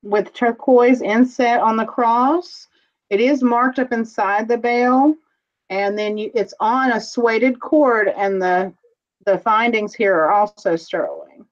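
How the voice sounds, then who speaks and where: A woman's voice: fairly high pitch, slow, muffled recording. Chatty woman selling jewelry live. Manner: chatty, describes items in detail with fillers. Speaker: jewelry reseller running a live sale. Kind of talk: casual live-stream selling chat.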